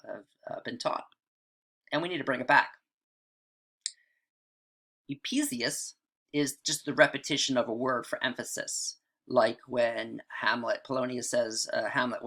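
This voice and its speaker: A man's voice: medium pitch, gravelly, bright, forceful tone. Male teacher, informal lecture delivery, conversational with frequent check-ins. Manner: chatty, frequent "right?" and "all right" asides. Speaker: writing teacher. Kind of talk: casual lecture on rhetoric.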